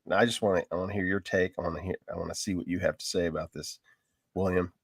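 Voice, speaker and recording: A man's voice: sits low, steady tone, fast, creaky, husky, dry recording, clean studio sound. A man co-hosting a casual political chat, easygoing and laughing along, still getting over an illness. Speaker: co-host.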